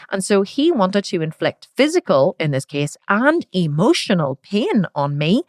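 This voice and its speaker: A middle-aged woman, hosting a podcast and telling a personal story in a frank, animated way with casual swearing. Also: on the low side, dry recording, clean studio sound. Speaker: podcast host. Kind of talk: candid personal storytelling monologue.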